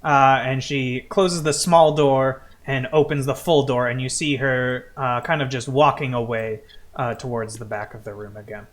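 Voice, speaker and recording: A man's voice: medium pitch, steady tone, fairly bright tone. A man running a tabletop game as game master, narrating unhurriedly with many "uh"s and "like"s. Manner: unhurried, full of "uh" and "like".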